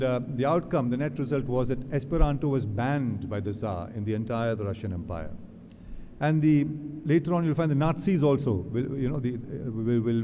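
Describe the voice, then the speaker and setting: A man's voice: medium pitch, dark tone. A man giving an academic lecture to literature students, talking in a digressive way with many fillers and restarts. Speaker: guest lecturer. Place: lecture hall. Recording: reverberant hall, audible background noise.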